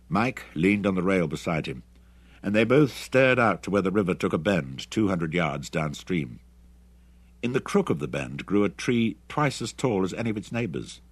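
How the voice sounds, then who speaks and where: A man narrating an adventure novel audiobook in an expressive, dramatic reading. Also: low voice, normal speed, slightly rough, no room sound. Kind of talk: scripted narration.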